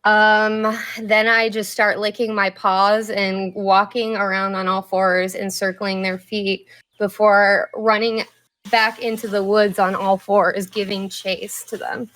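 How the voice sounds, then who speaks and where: A woman's voice: medium pitch, flat delivery, takes it slowly, a bit bright. A woman describing her character's actions in a tabletop game, casual and matter-of-fact. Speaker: player.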